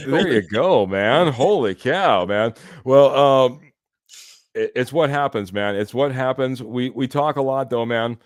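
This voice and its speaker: A man's voice: medium pitch, a little slow, dry recording, clean studio sound. A man co-hosting a casual sports podcast, upbeat and chatty, tossing "man" into nearly every sentence. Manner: upbeat, says "man" a lot. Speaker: podcast co-host.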